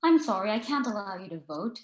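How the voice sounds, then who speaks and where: A woman's voice: mid-range voice, animated, brisk, natural voice. A woman putting on a mocking, theatrical TV hostess. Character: brash, sardonic woman TV host. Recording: echoey room.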